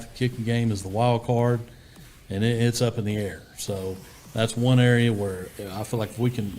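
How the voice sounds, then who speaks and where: A man, a head football coach answering interview questions in a steady, plainspoken way, full of fillers and restarts. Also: lowish voice.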